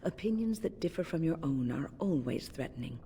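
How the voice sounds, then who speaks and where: An actress voicing a calm older female mage in a video game who lectures patiently and chides gently. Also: low voice, fairly quick, a little hiss or hum. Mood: chiding. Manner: patient, chiding tone.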